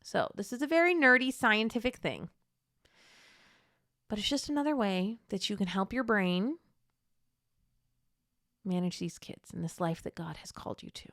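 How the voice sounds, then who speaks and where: A woman hosting a podcast, coaching mothers in an encouraging, gently reassuring teaching monologue. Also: mid-range voice, expressive, moderate pace, long pauses, dry recording, clean studio sound. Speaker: podcast host and Catholic mom coach.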